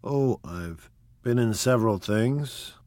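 A man reading aloud and voicing a charming, evasive rich host who speaks low and confiding. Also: animated, slow pace, no echo. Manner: hushed, low and confiding, with repeated "old sport".

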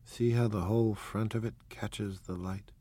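Gatsby, a man doing a low, hushed, charming rich host. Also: fairly even intonation, normal speed, close to an everyday voice. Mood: proud. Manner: hushed, low and confiding, with repeated "old sport". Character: charming wealthy man, eager yet evasive host.

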